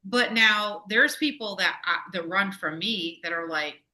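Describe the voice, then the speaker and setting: A woman guest, a Navy veteran and former store manager, talking in a casual podcast conversation in an animated, emotional, in-your-face way. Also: mid-range voice, unhurried.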